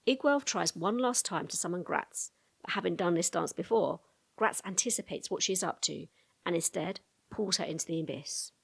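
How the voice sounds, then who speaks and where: A woman narrating a fantasy lore explainer video in a brisk storytelling tone, with casual asides to the viewer. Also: on the low side, creaky, slightly rough.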